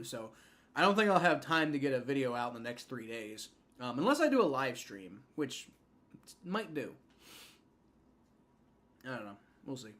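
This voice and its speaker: A young man hosting a live fan stream, giving rambling play-by-play and reaction with many fillers and restarts, getting excited on big plays. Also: medium pitch. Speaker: livestream host.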